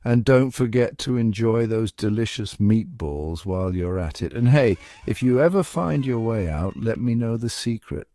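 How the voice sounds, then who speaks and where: A man giving scripted, upbeat narration as a pronunciation guide, coaxing the listener and slowing down to spell out each word. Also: fairly low pitch, animated, dark tone, no echo, studio quality.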